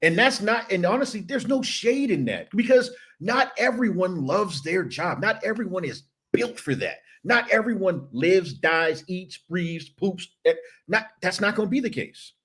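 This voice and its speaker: Male podcast guest, slightly high pitch, emphatic, stops and restarts a lot, candid sports talk. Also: lively intonation, measured pace, a bit bright, husky. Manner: emphatic, with frequent restarts and hedging asides. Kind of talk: casual sports chat.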